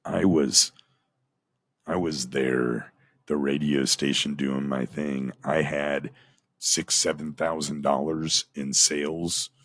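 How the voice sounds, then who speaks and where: A man's voice: very deep voice, fairly even intonation, slow pace, a bit bright, no room sound. A middle-aged man, a former radio host, telling a candid personal story in a plainspoken, aggrieved way. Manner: plainspoken, aggrieved, recounts dialogue in quotes.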